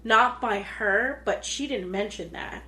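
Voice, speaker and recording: A woman's voice: on the high side, measured pace, sharp tone, a little hiss or hum. A woman co-hosting a podcast, chatting casually about a film and acting out the characters' lines as she retells it. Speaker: podcast co-host. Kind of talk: casual chat recapping a film.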